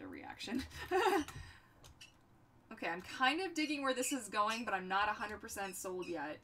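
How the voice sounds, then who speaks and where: A woman's voice: mid-range voice, expressive, moderate pace, bright, forceful tone, far from the mic, a little hiss or hum. A young woman hosting a livestream, chatting in a bubbly, goofy way and talking to her pets. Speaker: livestream host. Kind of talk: casual chat while crafting on a livestream.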